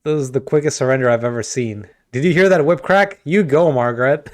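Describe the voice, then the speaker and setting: A man's voice: medium pitch, normal speed. A man giving casual, joking commentary while playing a game, with laughing asides. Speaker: game streamer.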